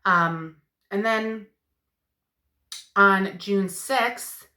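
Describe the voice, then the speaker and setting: A woman in her thirties giving a candid personal vlog update, talking in a halting way with many fillers and sounding emotional. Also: medium pitch, sharp tone, reverberant. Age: 30s. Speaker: vlogger.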